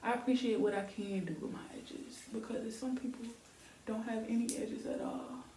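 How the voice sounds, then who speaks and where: A woman's voice: on the high side, fairly even intonation, moderate pace, warm tone. A young woman, chatting casually and rambling with lots of fillers as she does her hair on camera for her vlog. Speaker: beauty vlogger. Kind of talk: casual chat while styling hair. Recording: echoey room, faint background hiss.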